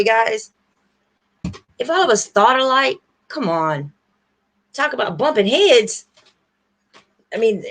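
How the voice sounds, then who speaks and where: A woman hosting a livestream, rambling warmly and earnestly straight to her viewers in casual chat. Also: fairly high pitch. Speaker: livestream host.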